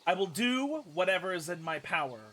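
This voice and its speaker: A man reading a grieving middle-aged king's dialogue aloud, low and hushed. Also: very animated, brisk, heavily acted. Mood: solemn grief. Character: grieving middle-aged king, solemn father.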